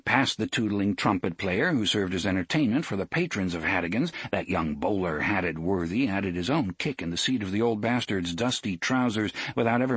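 Husky low-voiced male narrator. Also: dry recording. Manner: expressive storytelling. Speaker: audiobook narrator. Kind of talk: scripted narration.

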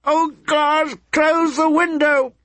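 A man reading a story aloud, voicing a grieving noble mother who pleads in high, shrill cries. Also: level tone, slow, fairly bright tone, no echo, full character voice. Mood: frantic.

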